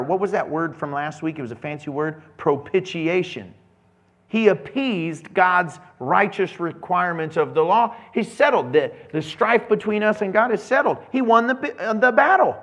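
A man preaching a casual, conversational sermon as pastor, acting out little scenes with quick voices. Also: high-pitched, fairly bright tone.

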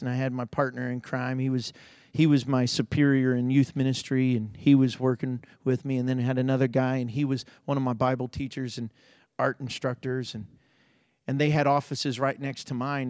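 A man preaching a sermon as pastor, swinging between loud emphasis and hushed storytelling. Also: mid-range voice, dry recording, clean studio sound.

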